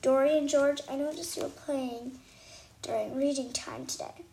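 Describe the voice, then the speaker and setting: A woman's voice: sits high, steady tone, moderate pace, creaky, dark tone, slight background noise. A woman reading a storybook aloud, voicing a firm, scolding schoolteacher. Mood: stern.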